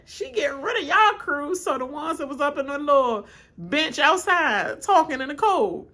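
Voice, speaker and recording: A woman reacts live to a reality show, ranting bluntly and breaking into laughter. Her voice runs high and swings widely in pitch as she acts out the cast in over-the-top voices. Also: wildly swooping pitch, moderate pace, sharp tone. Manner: laughing often, mimicking cast members in exaggerated voices. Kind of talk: live watch-along reaction and rant.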